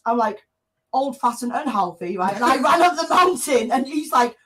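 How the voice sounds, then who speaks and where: A woman with a slightly high voice ribs her friend in casual, sweary banter. She is blunt and teasing in tone. She tells her stories in a loose, chatty way. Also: animated, moderate pace, fairly bright tone, husky. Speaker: urban explorer on a live stream.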